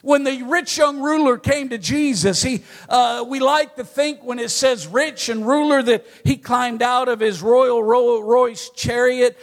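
A man's voice: extremely high pitch, a little slow, hardly any pauses. A married man preaching a sermon in a folksy storytelling way, telling personal stories between points. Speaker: pastor. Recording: long hall reverb.

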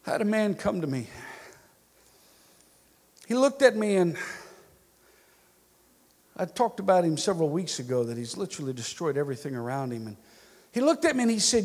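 High, gravelly preacher in a reverberant hall. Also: male voice, sing-song, fairly quick. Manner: swings from hushed prayer to loud emphatic storytelling. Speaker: pastor. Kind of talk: sermon.

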